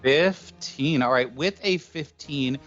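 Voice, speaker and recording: A man's voice: a little high, slow pace, a bit bright. Man running a tabletop game. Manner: hesitant, filler-heavy rulings. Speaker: game master. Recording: dull lo-fi stream audio with faint music.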